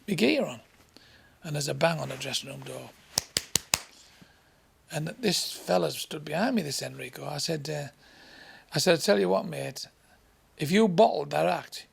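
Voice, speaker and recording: A man's voice: high-pitched, fairly bright tone. A man from England doing crude, swearing stand-up storytelling, acting out voices and sounds along the way. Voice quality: gravelly. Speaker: stand-up comedian.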